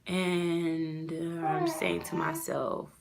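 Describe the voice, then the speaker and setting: A woman's voice: fairly low pitch, level tone, extremely slow, vocal fry, noisy background. A mother pouring out a heartfelt, rambling rant to camera, full of "you know" fillers. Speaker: mother vlogging about her custody loss. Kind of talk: casual personal rant to camera.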